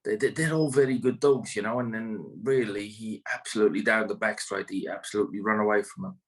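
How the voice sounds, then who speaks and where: Low-pitched male trainer, chatty and rambling, full of "you know"s. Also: fairly even intonation, fast, rough recording. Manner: rambling, many fillers and restarts. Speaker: greyhound trainer. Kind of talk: casual interview.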